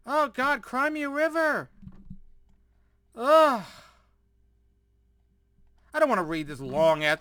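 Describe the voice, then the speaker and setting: A man from the United States vents about news articles in a commentary video, sighing repeatedly, swearing, and going over the same points in exasperated sarcasm. His high, sharp voice is recorded with no room sound.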